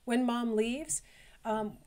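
A woman's voice: fairly high pitch, slow, mellow. Chatty middle-aged woman lecturing. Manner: conversational, explanatory, with frequent fillers. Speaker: college lecturer. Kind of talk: recorded lecture.

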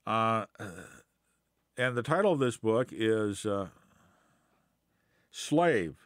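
A man's voice: on the low side, animated, extremely slow, fairly bright tone, dry recording, studio quality. A man giving an unscripted Bible teaching, hesitant with many fillers and restarts, then pressing points with scornful emphasis.

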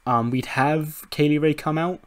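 A man's voice: on the high side, steady tone, unhurried, clear, resonant tone. A man host narrating a wrestling game in a casual, sweary storytelling way, laughing often. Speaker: gaming channel host. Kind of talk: casual let's-play narration.

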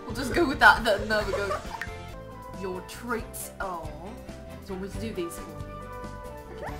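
A woman playing Ciel, a bossy young boy earl, in cosplay role-play over a video game. She teases dryly and breaks into laughing shouts. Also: mid-range voice, animated, unhurried, natural voice. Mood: haughty. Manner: bossy, dry teasing, bursts into laughing shouts. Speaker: gaming channel host. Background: game music.

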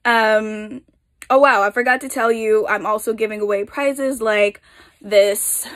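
Young woman vlogging, kinda high voice, breathless and rushing, chatty and upbeat. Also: fairly even intonation, fairly bright tone. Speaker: author and channel host. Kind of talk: casual chat to camera.

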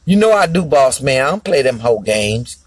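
A man's voice: medium pitch, big pitch swings, a little fast, slight background noise, poor audio. A male comedian on a phone live stream, brash and foul-mouthed, talking straight to his viewers.

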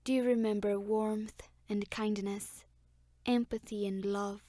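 A woman doing a slow, brooding voice of blame. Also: mid-range voice, level tone, dark tone, no room sound, close to an everyday voice. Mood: reproachful. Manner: measured and reproachful. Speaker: stage actor. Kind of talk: experimental theater monologue.

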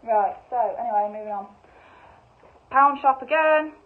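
Excitable young girl rambling on about her haul, sounds tinny like a phone. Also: a little high, unhurried. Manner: bubbly and excitable, rambling with many fillers. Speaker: vlogger. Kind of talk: casual shopping haul chat.

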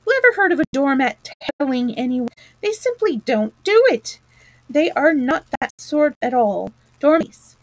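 A woman's voice: high-pitched, sing-song, measured pace, no echo, voice pushed up, exaggerated voice, rough recording. Woman doing a fussy, whiny little mole. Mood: exasperated. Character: fussy anxious male mole, small and pedantic.

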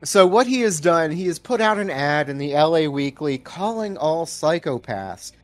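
A man's voice: fairly high pitch, expressive, normal speed, no room sound, faint music behind. A man co-hosting a casual movie podcast, recapping scenes in a laid-back way with some swearing. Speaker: podcast co-host. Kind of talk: casual movie review chat.

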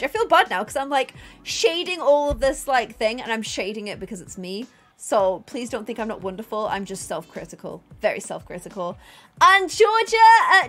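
A young woman streaming a game, chatting casually and thanking viewers, self-deprecating and bursting into excited squeals. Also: very high-pitched. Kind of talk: casual livestream chat.

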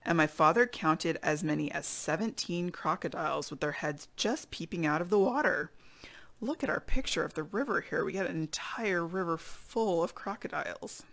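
A woman reading a chapter book aloud to children, expressive, with chatty asides to her listeners. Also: on the low side, normal speed, creaky. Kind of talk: read-aloud storytelling for kids.

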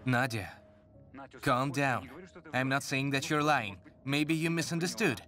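Slow-spoken worried husband. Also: male voice, medium pitch, pushed and bright, faint music behind. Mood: strained. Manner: slow and measured. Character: worried young husband, tries to keep the peace. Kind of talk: dubbed TV drama.

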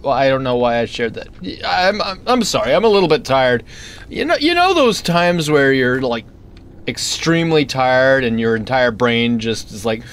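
A man's voice: mid-range voice, expressive, moderate pace, a bit bright. A man giving casual commentary while playing a game, chatty and easily startled, wandering into rambling asides. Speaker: let's play gamer.

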